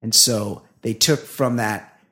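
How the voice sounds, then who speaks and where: A man's voice: fairly low pitch, steady tone, slow pace, fairly bright tone. A man co-hosting a comedy podcast in casual banter, blunt with rambling asides. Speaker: podcast co-host.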